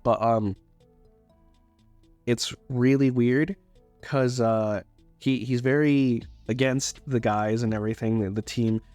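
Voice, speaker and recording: A man's voice: medium pitch, steady tone, slow, long pauses, darkish tone, dry recording, soft background music. A young man casually recapping a movie, rambling with loose, swearing talk and frequent restarts. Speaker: YouTuber reviewing a movie.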